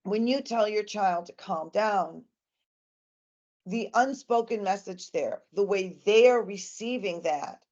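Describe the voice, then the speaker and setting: A woman's voice: mid-range voice, a bit bright, muffled recording. A woman giving an earnest, emphatic presentation to parents about communicating with children.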